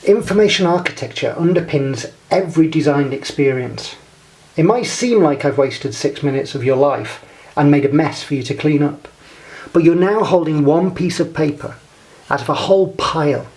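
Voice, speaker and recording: A man with a slightly raised voice gives a scripted lesson. He speaks in a measured, deliberate way and guides the listener through each step. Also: on the high side, a little mellow. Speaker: presenter. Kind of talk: scripted instructional talk.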